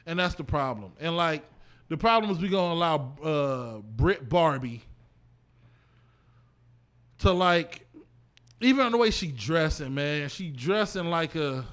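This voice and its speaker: A man hosting a casual podcast, talking in an animated way and trailing off mid-thought. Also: fairly high pitch, a little slow, pauses often. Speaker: podcast host.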